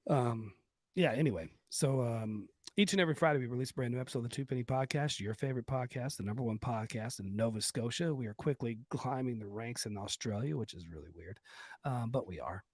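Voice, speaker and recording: A man with a slightly husky voice rambles through crude jokes and show plugs as a podcast co-host. His delivery is loose and joking, full of fillers and restarts. The sound is dry and close to the mic. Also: medium pitch, fairly quick, darkish tone, dry recording. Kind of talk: crude comedic podcast banter.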